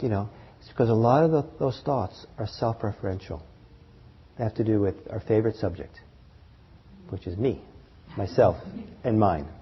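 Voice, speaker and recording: A man teaching meditation to a live group, talking in a halting way with fillers, restarts and soft chuckles. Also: mid-range voice, slight background noise. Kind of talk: dharma talk to a group. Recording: dull lo-fi talk recording.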